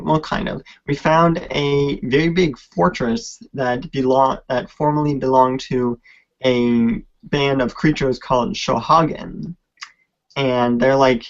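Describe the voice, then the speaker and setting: A man on a podcast telling a tabletop game story at a slow, halting pace, full of fillers, on a lo-fi recording. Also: mid-range voice. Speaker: podcast co-host.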